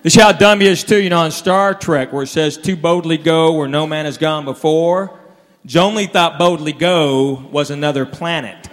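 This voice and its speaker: The comedian here speaks at a moderate pace with a fairly high pitch, drawling his way through a club set and laughing at his own jokes. It's a live room recording with a long reverb, the crowd laughing amid general room noise.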